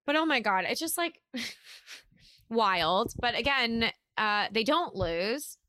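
A woman co-hosting a chatty podcast reacts quickly and with emphasis. Her voice is bright and a little high, swinging freely across its range. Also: lively intonation. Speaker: podcast co-host. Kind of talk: casual chat.

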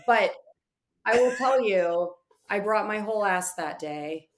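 A woman in her thirties chatting as a podcast guest. She tells her story with animated energy and slips into acted voices for the people she quotes. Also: medium pitch, fairly quick. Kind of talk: casual chat.

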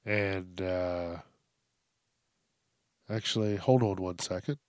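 A man's voice: low-pitched, steady tone, dry recording. A man in his thirties hosting a solo podcast from a small home studio, rambling and swearing, with lots of fillers and restarts. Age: 30s. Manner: rambling, profane, halting with many fillers. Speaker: podcast host. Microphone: studio microphone.

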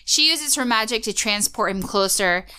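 A woman's voice: on the high side, lively intonation, normal speed, sharp tone, smooth. A woman co-hosting a podcast, recapping a cartoon episode in casual, opinionated chat and laughing often.

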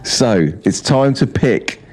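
A man co-hosting a casual podcast chat, with dry, deadpan teasing. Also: medium pitch, takes it slowly. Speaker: podcast co-host.

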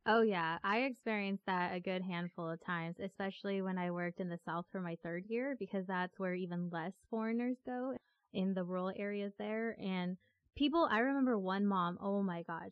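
A woman hosting a casual chat, animated and quick to exclaim. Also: mid-range voice, no echo. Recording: dull, lo-fi audio with faint music.

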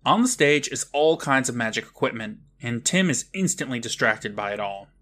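A man with a bright, forward voice talks through a TV episode with a friend. He keeps it loose and chatty, and he slips into quick put-on voices whenever he quotes the characters. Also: medium pitch, lively intonation. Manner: recaps the plot and pops into voices for quoted lines. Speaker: podcast co-host. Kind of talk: casual recap of a TV episode.

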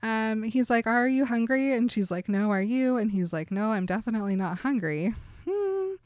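A woman's voice: medium pitch, fairly quick, darkish tone, no room sound. A woman in casual conversation, retelling a story by acting out its dialogue and laughing often. Her voice sits in a middle range. The recording is dry and close. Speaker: podcast co-host recapping a book. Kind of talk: casual chat.

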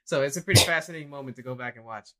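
A young adult man co-hosting a casual chat, an animated storyteller who acts out what people said. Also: medium pitch, rapid-fire. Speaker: co-host.

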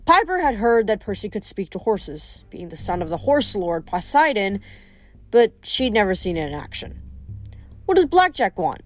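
A woman reading a novel aloud in an expressive storytelling manner. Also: mid-range voice, moderate pace. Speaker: reader.

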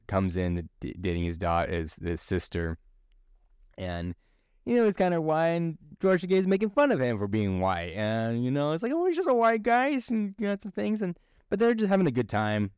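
A man hosting a podcast, talking fast in a casual, rambling way with many fillers. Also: low voice, a little mellow, dry recording, clean studio sound. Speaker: podcast host, actor. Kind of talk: casual chat.

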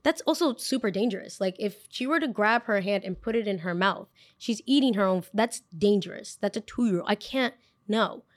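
A young woman hosting a podcast, telling a story in a chatty, animated way with lots of filler words. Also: mid-range voice, normal speed. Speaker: podcast host. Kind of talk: casual storytime.

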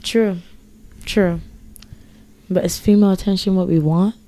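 A woman hosts her podcast in an easygoing, affectionate chat, laughing now and then. Her voice sounds mellow and warm. She speaks at a middle pitch. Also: steady tone, unhurried. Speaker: podcast host.

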